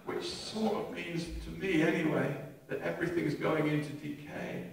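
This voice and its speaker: An older man, preaching a sermon with animated humour, recorded from a distant mic in an echoey church. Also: fairly high pitch, moderate pace, vocal fry. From England. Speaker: pastor. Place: church hall.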